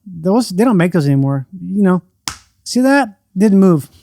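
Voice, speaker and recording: A man voicing a big, gruff, smoker-voiced male boat salesman with pushy sales patter. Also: high-pitched, big pitch swings, normal speed, dark tone, slight background noise, heavily acted. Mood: boastful.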